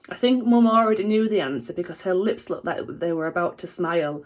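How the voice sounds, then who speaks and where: Expressive woman reading a children's book. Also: lowish voice, brisk. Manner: expressive, animated. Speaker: teacher reading aloud.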